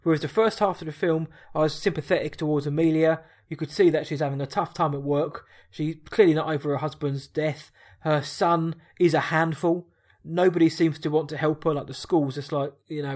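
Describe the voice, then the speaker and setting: A man talks about a film in a casual, chatty way, sometimes tripping over his words and restarting. His voice is fairly high for a man. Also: steady tone, brisk, darkish tone.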